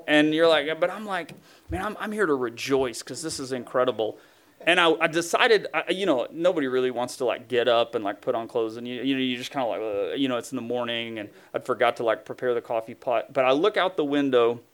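A male pastor preaching in a loose, conversational way, full of "like" and "you know", who gets animated when he acts out what God says. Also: mid-range voice. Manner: animated, acts out God's voice with rising emphasis. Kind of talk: sermon.

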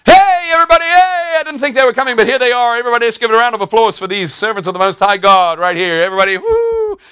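A man voicing a shrill, possessed fortune-telling slave girl who loudly announces visitors like a carnival barker. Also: expressive, fast talker, smooth, full character voice. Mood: shrill hype.

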